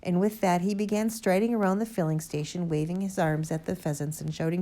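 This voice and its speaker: Woman, storybook narrator, expressive, low voice, warm tone. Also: fairly quick, hardly any pauses. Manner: lively expressive reading, first-person boy narrator. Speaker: audiobook reader. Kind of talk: storybook narration read aloud.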